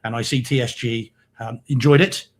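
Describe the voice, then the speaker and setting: Husky-voiced British man, rambling host. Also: medium pitch, fairly even intonation, moderate pace. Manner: rambling, hesitant with frequent ums, laughs often. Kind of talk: casual live-stream chat. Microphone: remote video-call mic.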